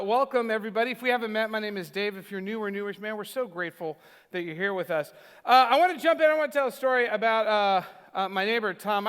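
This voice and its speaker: Bright-voiced pastor in an echoing hall. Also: male voice, high voice, clean tone. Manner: chatty, self-deprecating, frequent restarts. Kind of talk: conversational sermon storytelling. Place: church sanctuary. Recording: reverberant church hall.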